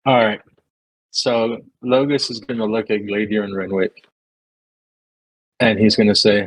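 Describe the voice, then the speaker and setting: A man with a husky, somewhat low voice plays in an online tabletop game. He speaks casually and asks the game master how the rules work. The sound is close and dry. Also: fairly even intonation, unhurried, pauses often, no room sound, poor audio. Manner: casual, asking rules questions. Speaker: player.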